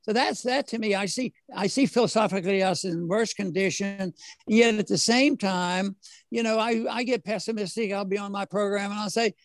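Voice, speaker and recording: An older man, a former congressman, talking as an interview guest in a halting way with many fillers, restarts and the odd chuckle. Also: high-pitched, steady tone, no echo. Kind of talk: casual interview conversation.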